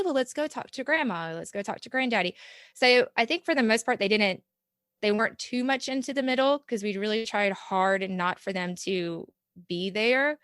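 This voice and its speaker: An earnest woman, reflecting in a conversational interview. She laughs often as she speaks and sounds mid-pitched for a woman. The recording is dry and close, with no room sound. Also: a bit bright, smooth, no echo. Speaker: podcast guest, parent mentor.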